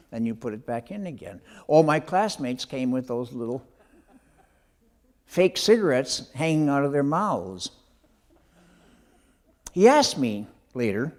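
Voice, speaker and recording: Older male author, memoir storytelling; animated delivery, moderate pitch with a wide, lively range.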